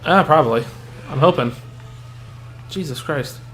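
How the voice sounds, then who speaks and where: A man's voice: on the high side, a little slow, fairly bright tone, a little hiss or hum. A man co-hosting while he plays, chatting casually and swearing at the game. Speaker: co-host playing the game. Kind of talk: casual gameplay chat.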